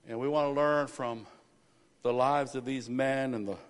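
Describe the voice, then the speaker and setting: A man pastoring a church service, praying and preaching a sermon that builds to loud, emphatic stretches. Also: mid-range voice, steady tone, normal speed. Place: church sanctuary. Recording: reverberant church hall.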